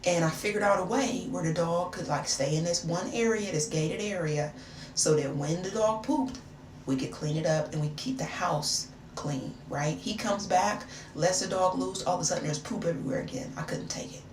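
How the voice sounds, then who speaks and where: A woman telling a personal story in a casual storytime style, animated and slangy, calling the listener "baby" and "girl". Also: on the low side, moderate pace. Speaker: storyteller, video creator. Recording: roomy, distant mic, noisy background.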